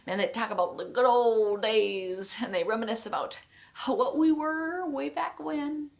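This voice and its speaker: A woman's voice: fairly high pitch, unhurried, vocal fry. Woman teaching with playful expression. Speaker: co-host teaching a marriage course. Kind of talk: teaching a video course.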